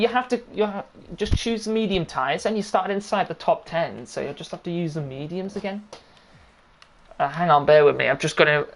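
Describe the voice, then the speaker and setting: A woman hosting a live online race league, talking in a brisk, chatty way and sorting out the starting grid. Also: lowish voice. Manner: brisk, chatty, easily amused. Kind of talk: live-stream race admin chat.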